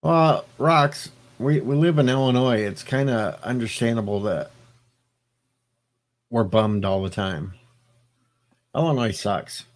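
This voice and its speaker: A man's voice: medium pitch, slow, pauses often. A man on a late-night live stream, rambling and joking as he answers his viewers' chat. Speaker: livestreamer reading chat.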